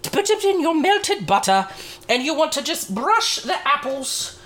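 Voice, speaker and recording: A woman's voice: sits high, big pitch swings, a little slow, a bit bright, heavily acted. A woman playing a cheerful, motherly Mrs. Claus who hosts a cooking segment, chatty and rambling with cheeky asides. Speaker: show host in character.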